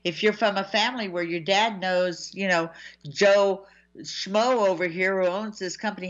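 A woman hosting a casual talk show, chatty and animated, laughing often between points. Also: mid-range voice, moderate pace. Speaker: host. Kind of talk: casual chat. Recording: dull lo-fi sound.

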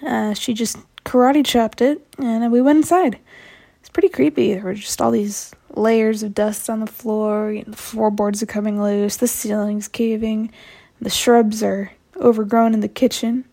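A young woman with a fairly high voice tells a story she sent in to a podcast. She talks in a chatty, self-mocking way, like she is recounting a wild teenage adventure to a friend. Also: steady tone, unhurried, gravelly, warm tone. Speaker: listener telling a story to a podcast. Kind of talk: casual storytelling.

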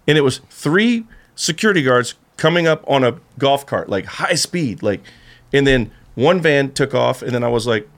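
A man's voice: medium pitch, animated, moderate pace. A man guest on a podcast, telling a rambling story in casual chat and acting out what others said. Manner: rambling storyteller who acts out the other voices.

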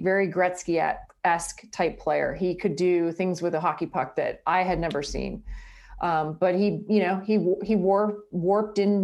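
A Canadian woman, a sports reporter, chatting in a casual interview, telling lively stories and laughing often. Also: on the low side.

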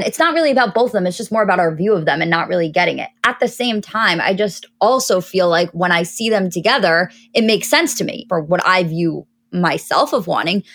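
A woman co-hosting a pop culture podcast, talking through her opinions at length in casual chat. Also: on the low side. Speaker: podcast co-host.

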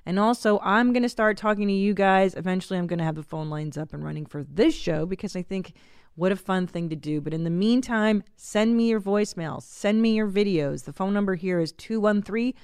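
A woman's voice: mid-range voice, fairly quick, darkish tone, clear, resonant tone, no room sound, clean studio sound. A woman in her forties hosting a podcast, chatting casually and self-mockingly with frequent laughter. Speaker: podcast host. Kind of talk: casual comedic monologue.

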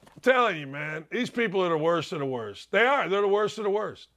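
An older man hosting a talk show in a high, bright voice. He rants bluntly and combatively, firing off opinions in a monologue. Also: very animated, a little fast. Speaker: sports talk show host.

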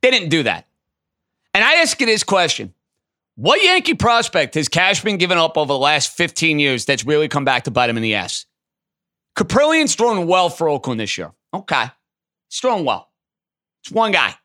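Bright, emphatic sports radio host man. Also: a little high. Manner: emphatic, animated, quick to riff. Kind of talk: call-in sports talk.

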